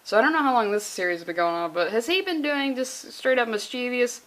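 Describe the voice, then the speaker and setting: A woman's voice: on the high side, animated, a little fast, a bit bright. A young woman reviewing a comic book in a casual vlog, sarcastic and profane, rambling as she talks.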